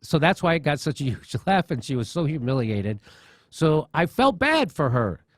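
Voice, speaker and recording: A man's voice: a little high, big pitch swings, moderate pace, no room sound. A male talk-show host telling a story in a mocking, profane way. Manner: profane, mocking, laughs at own jokes.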